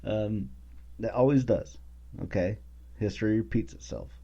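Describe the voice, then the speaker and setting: A man's voice: on the low side, normal speed, warm tone, dull audio. A man hosting his own podcast, ranting casually with profanity, sarcasm and lots of filler words. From Utah. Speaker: podcast host.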